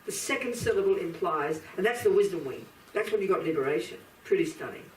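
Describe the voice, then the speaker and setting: A Buddhist teacher gives a live lecture to an audience in a teaching room, speaking fast and expressively in a lowish voice. She is blunt and emphatic, addressing her listeners directly. The recording is roomy and distant, with faint ambience and slight background noise.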